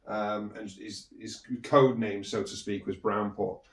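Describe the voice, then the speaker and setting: A man's voice: lowish voice, flat delivery, unhurried, recorded from a distance. Man rambling through a story, roomy echo. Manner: rambling, with many restarts and fillers. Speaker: podcast host. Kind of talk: personal storytelling monologue.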